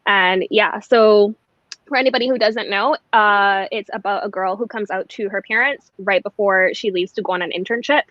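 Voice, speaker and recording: A woman's voice: mid-range voice, normal speed, a bit bright, no room sound. Young barbadian woman chatting on a live call, laughy, dry muffled audio. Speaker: guest booktuber. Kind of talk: casual live-stream chat. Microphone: video call.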